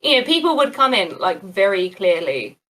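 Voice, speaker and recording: Kiwi woman co-host, animated and giggly, very expressive pitch. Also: normal speed, poor audio. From New Zealand. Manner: animated, laughs often. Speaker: podcast co-host. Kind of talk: casual chat.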